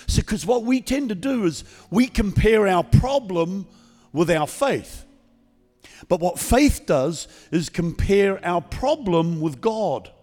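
A man preaching as a guest pastor, speaking calmly and conversationally instead of shouting, leading a healing prayer in a church service. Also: high voice, takes it slowly. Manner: calm, conversational, not yelling. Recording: long church reverb.

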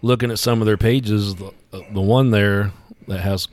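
A man's voice: lowish voice, fairly even intonation, normal speed, darkish tone. A man co-hosting a casual trucking podcast, telling folksy, rambling stories with lots of restarts. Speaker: podcast co-host. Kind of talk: casual chat.

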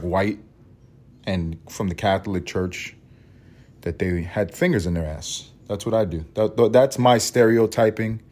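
A man with a fairly low voice, talking through a casual solo podcast. He rambles and swears freely, cracks jokes, and often restarts his sentences. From Harlem, New York. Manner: rambling, profane and joking, with frequent restarts. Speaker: podcast host.

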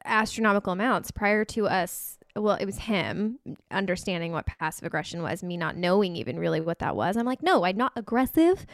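A woman's voice: lowish voice, a little fast, no echo, clean studio sound. A woman hosting a casual podcast conversation, telling candid personal stories. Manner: candid, storytelling. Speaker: podcast host.

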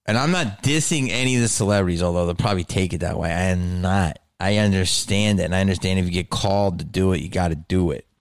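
A man's voice: low-pitched, quick pace, hardly any pauses, no echo, studio quality. A middle-aged man hosting a solo podcast, ranting sarcastically and swearing a lot. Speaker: podcast host.

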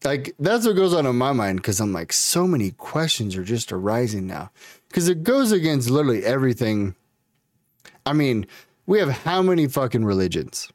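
Lively, joking young man in casual chat. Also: mid-range voice, moderate pace, dry recording, clean studio sound. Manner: loose and joking, swears freely, acts out what he'd say. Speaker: podcast co-host.

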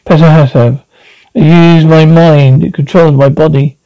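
A man voicing a frail, ancient abbot who speaks in halting, broken phrases. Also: a little high, fairly even intonation, warm tone, no echo, dull audio, close to an everyday voice. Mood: pleading. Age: older. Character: frail ancient male abbot, weary and urgent.

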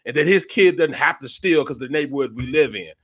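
A man, co-host and former football player, telling a story in casual chat and acting out the voices with loud bursts. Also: mid-range voice, animated, fairly quick, slightly rough, no echo. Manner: acts out dialogue with loud bursts.

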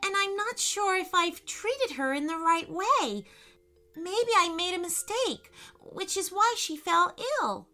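Brief: woman doing a worried little girl, high, lively and bright. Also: slow, faint music behind, full character voice. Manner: high pleading childlike voice. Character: young girl, worried and tearful.

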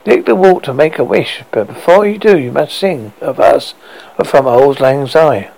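A man's voice: medium pitch, animated, normal speed, gravelly, a little mellow, rough recording. A man voicing an odd, formal male shopkeeper who speaks in a polite, mock-solemn manner. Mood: prim.

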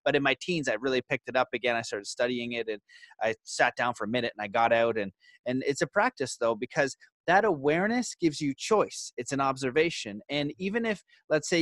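A man's voice: a little high, fairly bright tone, no echo. A man hosting a podcast, talking in an earnest, explanatory way with hesitant restarts. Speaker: podcast host. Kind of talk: casual interview conversation.

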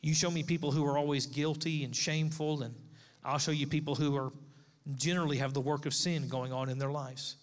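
Emphatic pastor in an echoing hall. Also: male voice, fairly high pitch, fairly even intonation, a little fast. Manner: emphatic preaching with repeated phrases. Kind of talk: sermon. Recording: long echo of a large hall.

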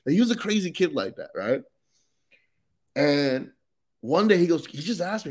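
A man's voice: fairly high pitch, sing-song, moderate pace, husky. A man, a comedian guest on a podcast, in casual chat, slangy and saying "bro" a lot.

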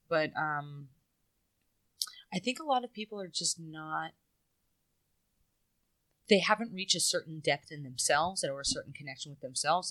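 A woman's voice: deep voice, a bit bright, dry recording. A woman talking in a casual, reflective, rambling way as a guest, swearing now and then. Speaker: podcast guest. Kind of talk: casual chat.

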